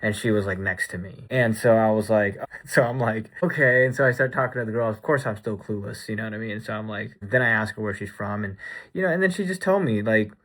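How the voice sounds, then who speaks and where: A man's voice: fairly low pitch, fast, a bit bright. A man chatting casually in a recap vlog, rambling with lots of "like" and "you know". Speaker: vlogger.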